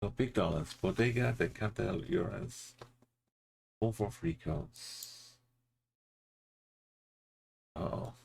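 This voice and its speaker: Brief: low, gravelly male streamer, unhurried, playful muttered commentary. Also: a little mellow, a little hiss or hum. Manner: mutters place names, playful asides. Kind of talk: casual live-stream commentary while playing.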